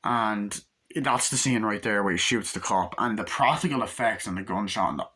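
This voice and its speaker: Guy rambling thru a movie review, lots of likes and ums, bright voice. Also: lowish voice, fairly quick. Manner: rambling, swears often, lots of "like" and "um". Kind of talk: casual spoken film review.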